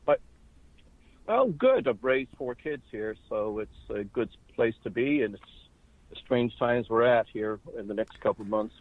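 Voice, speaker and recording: A man's voice: mid-range voice, measured pace, no echo. Man in his 60s with a Boston accent on a tinny phone line. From Ireland. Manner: steady, conversational storytelling with fillers. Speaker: guest. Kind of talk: phone interview, personal story. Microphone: phone call.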